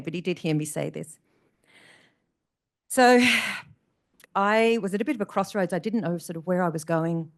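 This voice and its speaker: A middle-aged woman giving an emotional personal talk to an audience, repeating phrases for emphasis. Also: lowish voice. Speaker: motivational speaker. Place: community event room.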